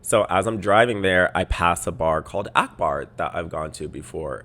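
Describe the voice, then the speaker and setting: Young male podcast host, bright edgy voice, exasperated storyteller. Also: deep voice, moderate pace, few pauses. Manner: exasperated, animated storytelling with mocking quoted voices. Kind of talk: casual podcast rant.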